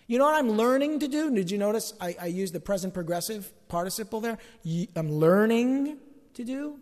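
A male pastor from the Northeast US, raised in an Italian-American home, preaches with a very high voice. He is lively and animated, acting out quoted arguments and slipping into hushed asides. The long reverb of a large hall surrounds the sermon.

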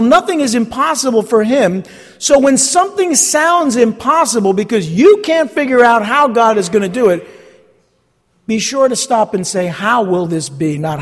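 A male pastor preaching with a high, animated voice that swoops up and down. He leans on key phrases, repeats them and puts questions to his listeners. Long reverb of a large hall trails behind him. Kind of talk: sermon.

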